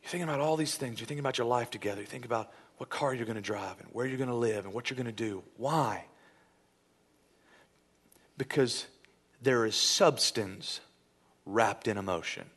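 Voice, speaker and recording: A man preaching a sermon in church as pastor, animated and playful, acting out little scenes. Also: mid-range voice, moderate pace, long pauses, husky.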